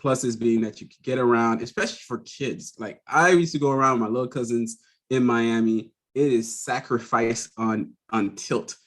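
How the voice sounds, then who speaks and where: A man hosting a podcast in casual chat, telling animated stories, laughing often mid-sentence and acting out other people's voices. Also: mid-range voice, moderate pace. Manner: animated storyteller who acts out quoted voices. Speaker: podcast host.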